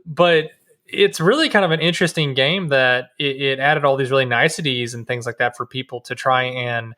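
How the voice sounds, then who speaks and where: A man's voice: medium pitch, moderate pace, bright, forceful tone. A man in his thirties co-hosting a casual podcast chat, rambling with restarts and easy laughter. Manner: rambling, lots of restarts and fillers, laughs easily. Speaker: podcast co-host.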